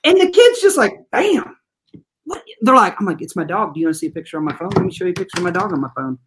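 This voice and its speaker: An animated school staffer tells classroom stories in an interview. The delivery is folksy and chatty, with listeners addressed as "y'all". The pitch sits in a middle range. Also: racing. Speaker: school trauma-informed support staff. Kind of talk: storytelling in an interview.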